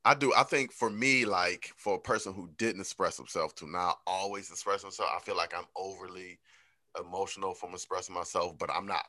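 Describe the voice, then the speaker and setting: A man's voice: deep voice, brisk, dry recording, clean studio sound. A man co-hosting a podcast, talking candidly and reflectively about his own growth. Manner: candid, reflective, animated when quoting himself. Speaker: podcast co-host. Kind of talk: casual chat.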